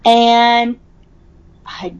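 A woman's voice: fairly high pitch, little pitch movement, drawn-out words, smooth. A young woman hosting a podcast in casual chat, talking with lots of ums and likes. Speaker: podcast host. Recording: slightly dull, lo-fi audio.

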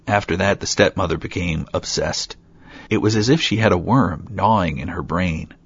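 Very deep, gravelly male storyteller. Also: dry recording. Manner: steady storytelling with light asides. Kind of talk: reading a fairy tale aloud. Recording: dull dry lo-fi recording.

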